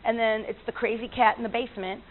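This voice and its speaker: A woman's voice: on the high side, steady tone, quick pace. Chatty woman on a tinny line. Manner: chatty, laughs often, many fillers and restarts. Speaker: animal communicator. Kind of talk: casual storytelling talk. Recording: tinny lo-fi line with faint noise.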